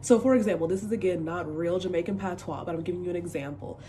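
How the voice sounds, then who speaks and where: A young woman from the United States talking casually to camera, chatty and expressive with sassy asides and lots of fillers. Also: fairly low pitch, fast, slight background noise. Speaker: vlogger.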